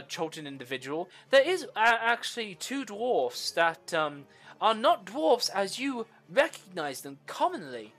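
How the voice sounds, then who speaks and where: A man narrating as the game master of a tabletop game, pausing often with fillers while he describes scenes. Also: high-pitched, sharp tone.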